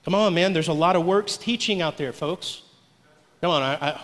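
Male pastor, high voice, preaching with call-and-response in a reverberant church. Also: moderate pace, a bit bright. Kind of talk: sermon. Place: church sanctuary. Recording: long hall reverb.

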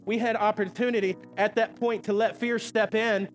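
A man preaches with a high, ringing voice, urging his congregation with repeated calls and questions. His sermon carries a long reverb through a church sanctuary, with soft music under it. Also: little pitch movement, moderate pace. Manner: fervent preaching with repeated "come on" and call-and-response questions. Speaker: pastor.

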